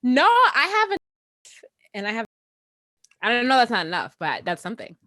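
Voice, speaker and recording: A woman co-hosting a podcast, chiming in with quick agreeing remarks in casual chat. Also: fairly high pitch, huge pitch swings, sharp tone, dry recording. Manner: quick agreeing interjections, laughing along. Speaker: podcast co-host.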